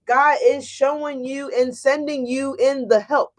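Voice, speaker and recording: A woman giving a casual tarot reading to her viewers, animated and emphatic. She often checks in with "right?" and swears freely. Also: high voice, a little slow, few pauses. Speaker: tarot reader.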